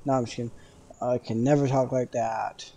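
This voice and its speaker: Young man, gameplay commentary, casual, joking, warm low-key tone. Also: normal speed, vocal fry, highs cut off. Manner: joking, talks to viewers, bursts of loud excitement. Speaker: gaming streamer.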